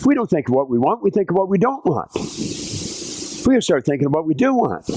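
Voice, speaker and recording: A man's voice: sits high, fairly quick, no echo, low-quality recording. An older man delivering a motivational keynote speech, acting out quoted dialogue in his stories and now and then singing a snatch of a song. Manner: animated storytelling, acts out quoted dialogue, sings snatches of songs. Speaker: motivational speaker. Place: conference stage.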